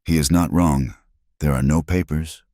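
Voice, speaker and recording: Man doing a gruff rancher, terse, very deep voice, dry close sound, storybook reading. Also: steady tone, normal speed, dark tone, dry recording. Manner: low, terse speech. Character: gruff, reticent male rancher of few words.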